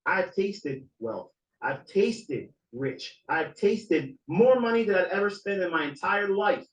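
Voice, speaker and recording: A man's voice: high-pitched, lively intonation, slow, echoey room, far from the mic, poor audio. Preachy man talking into a phone. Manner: preachy, emphatic, swears, repeats himself. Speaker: trading mentor. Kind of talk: impassioned monologue on a live audio space.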